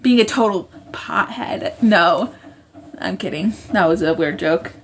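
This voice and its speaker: A woman's voice: on the low side, unhurried, a little hiss or hum. A woman hosting a casual livestream from home, reading viewer comments aloud and rambling, often stopping to correct herself mid-sentence. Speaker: livestream host. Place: indoors at home, roommate in the next room.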